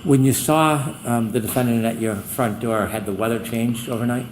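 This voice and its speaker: A man's voice: medium pitch, fairly even intonation, normal speed, a little mellow, rough recording. A trial attorney questions a witness in court, a man with a mid-range voice. He asks short, methodical questions step by step, over a faint background hiss.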